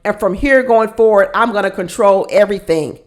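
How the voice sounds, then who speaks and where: Host doing a controlling, no-feelings woman, flat and sure of herself. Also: medium pitch, fairly quick, lightly acted. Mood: defiant. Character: cold, controlling woman dating-show contestant.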